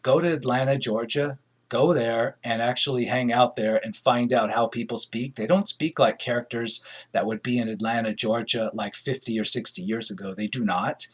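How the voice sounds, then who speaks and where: A man's voice: mid-range voice, husky. A middle-aged man from Northern California giving a rambling, opinionated film review in a casual, unscripted way, with plenty of fillers and restarts. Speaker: movie reviewer.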